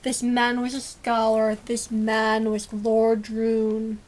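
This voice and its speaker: A woman reading a children's storybook aloud with lively, expressive storytelling. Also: a little high, slow. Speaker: storybook reader.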